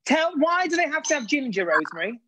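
A woman's voice: sits high, big pitch swings, fast, bright, forceful tone, a little hiss or hum. A woman co-hosting a live cooking show over a video call, chatty and playfully teasing her partner. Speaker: co-host.

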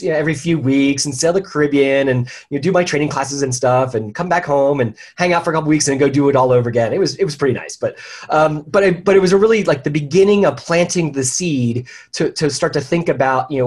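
A man's voice: fairly high pitch, lively intonation, fast talker, a little mellow. A man telling stories as a guest on an interview show, chatty and full of restarts. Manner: chatty storyteller with many restarts. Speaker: guest, leadership consultant. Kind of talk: casual interview talk.

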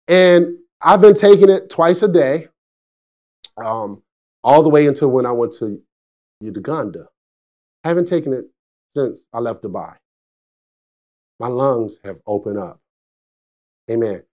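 A man in his forties, a pastor preaching a sermon, telling stories with frequent laughs and swinging between excited and hushed delivery. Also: a little high. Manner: chatty storytelling with frequent laughs. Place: church service.

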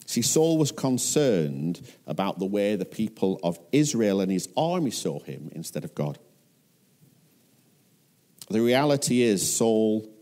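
Mellow northern English pastor preaching. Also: male voice, on the low side. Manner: earnest, questioning the listeners. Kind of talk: sermon.

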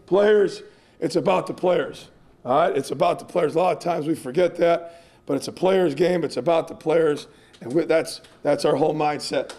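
A man's voice: on the high side, moderate pace, a little mellow. A man, a strength coach, giving a clinic presentation in an earnest, emphatic, repetitive way.

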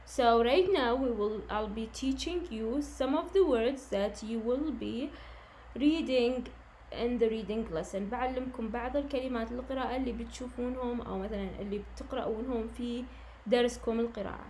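A woman teaching English, speaking slowly and patiently and repeating each instruction. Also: fairly high pitch, a little mellow, a little hiss or hum. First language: Arabic. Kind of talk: online lesson, switching to Arabic.

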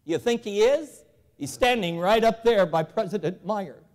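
A man giving an evangelical convention address in a large auditorium, telling folksy stories with animated, emphatic calls to the audience. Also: high voice, normal speed. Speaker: convention speaker, former bank president. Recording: hall reverb from a large auditorium.

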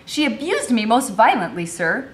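A woman's voice: medium pitch, very animated, moderate pace, a bit bright, pitched above the performer's own voice. A woman reading a novel aloud, voicing a haughty, demanding wealthy mistress. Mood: imperious. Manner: imperious, demanding.

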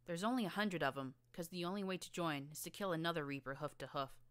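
A woman voicing a tough, streetwise young filly gang leader with a rough rural drawl and a blunt, slangy manner. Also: on the low side, fast talker, fairly bright tone, no room sound, lightly acted.

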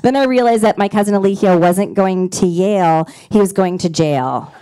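A woman in her forties doing a stand-up comedy set on a club stage, dropping deadpan punchlines between giggles and fillers. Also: medium pitch, normal speed, clear, resonant tone. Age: 40s.

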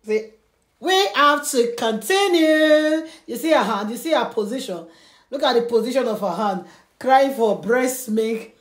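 Slow, high-voiced woman vlogging at home. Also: expressive, roomy sound. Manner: laughs often, talks slowly to the camera and baby. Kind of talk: casual home vlog.

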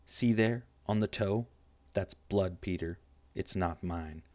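Man doing a hurt little boy, pleading, a bit higher than his narration, dull lo-fi sound. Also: slow pace, darkish tone, dry recording. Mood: cold. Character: small, anguished young boy, quiet and hurt.

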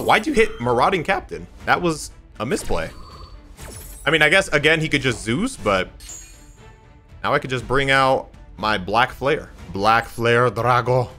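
A young man giving chatty, excitable, jokey commentary as he plays a card game. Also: lowish voice. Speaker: YouTuber playing a card game. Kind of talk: live gameplay commentary. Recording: faint music behind.

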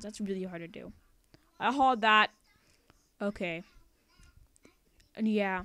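A woman's voice: medium pitch, slow, long pauses, fairly bright tone, no echo. A young woman narrating a let's play, chatty and sarcastic, rambling with singsong asides. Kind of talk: casual game commentary.

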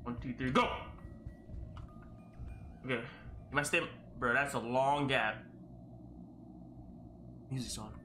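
A man giving panicky, exclaiming commentary as he plays a horror game, often yelling at the screen. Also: medium pitch, steady tone, slow pace, pauses often. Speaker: gaming video creator. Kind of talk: live gameplay commentary. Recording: roomy echo with loud game music behind. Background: game music.

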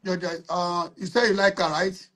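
A woman's voice: lowish voice, fairly even intonation, moderate pace, fairly bright tone, slight background noise. Blunt, bossy Nigerian woman host. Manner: blunt and bossy, fires off questions. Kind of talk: live matchmaking call-in show.

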